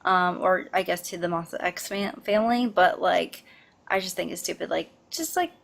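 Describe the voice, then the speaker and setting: A woman's voice: lowish voice, moderate pace, vocal fry. A woman co-hosting a casual pop news chat, talking in a rambling way with many fillers and restarts.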